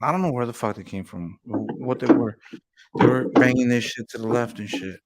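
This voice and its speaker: A man of ordinary pitch holds forth in a loose, unscripted chat. He swears freely and circles through his stories with filler phrases and restarts. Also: steady tone, fairly quick, a crowd in the background. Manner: profane, rambling storyteller with constant "you know what I'm saying". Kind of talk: casual chat.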